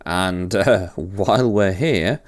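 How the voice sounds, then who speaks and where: A man's voice: deep voice, takes it slowly. A man hosting a game series, chatting casually and rambling with self-deprecating jokes as he plays. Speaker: let's play host. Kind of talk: casual gameplay commentary.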